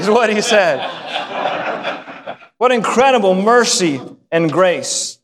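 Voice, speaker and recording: Male pastor, high voice, animated storytelling, long hall reverb. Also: slow, long pauses. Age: adult, married. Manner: animated storytelling, acting out voices of the father and son; repeats words when excited. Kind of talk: sermon. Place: church sanctuary.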